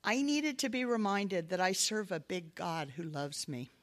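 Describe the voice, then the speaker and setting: Very animated yet at a normal pace, a middle-aged woman with a voice on the low side delivers a devotional talk. She tells her story as an earnest, sermon-like personal testimony, with occasional light laughs.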